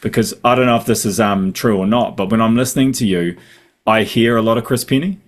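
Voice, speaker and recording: A man's voice: fairly low pitch, a little fast. A man in his late thirties hosting a casual interview over a video call, talking loosely, swearing freely and laughing often. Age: 30s. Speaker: podcast host.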